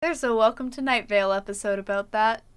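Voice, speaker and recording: A woman's voice: on the high side, fairly quick, clear, resonant tone. A woman with a Canadian accent, chatting casually and laughing easily while streaming a game. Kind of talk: casual chat while gaming.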